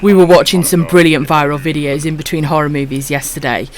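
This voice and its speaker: A woman from Wales with a husky voice and a dry throat, chatting casually to viewers while streaming a game and calling them her darlings. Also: sits low, fairly even intonation, a little fast. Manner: affectionate, calls viewers my darlings.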